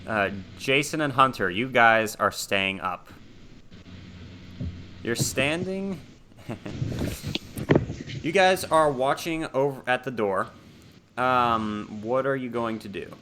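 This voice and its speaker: Bright-voiced man running a horror game. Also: mid-range voice, slow pace, pauses often, a little hiss or hum. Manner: casual, laughing asides, many ums. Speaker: game master. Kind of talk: narrating a tabletop horror game.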